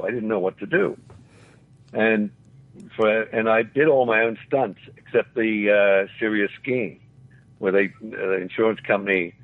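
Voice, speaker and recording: An older man from Australia with an Australian accent, telling rambling anecdotes as an interview guest and acting out quoted voices. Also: on the low side. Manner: rambling, chuckling, acts out quotes. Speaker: interview guest, former actor. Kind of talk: anecdotal storytelling. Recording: phone-like radio line.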